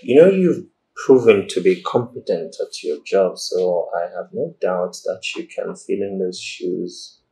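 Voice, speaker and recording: An actor playing a relaxed, teasing office boss, speaking with a Nigerian accent in a measured, wry way in a film drama. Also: male voice, low-pitched, vocal fry, low-quality recording.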